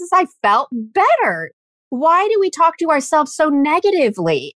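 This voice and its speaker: A woman in casual podcast chat, animated and acting out quoted lines as she tells stories. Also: sits high, moderate pace, dry recording.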